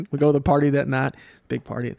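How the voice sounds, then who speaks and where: A middle-aged man as a podcast guest, telling stories in a casual, animated way and acting out the voices of people he quotes. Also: brisk, creaky, no echo. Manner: animated storyteller, acts out quotes with jumps in pitch. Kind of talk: casual storytelling interview.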